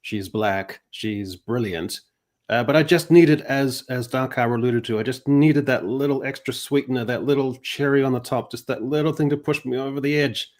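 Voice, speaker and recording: A man's voice: mid-range voice, fairly even intonation, brisk, hardly any pauses, darkish tone. A man hosting a livestream, chatting casually with a sarcastic, rambling delivery. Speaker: host.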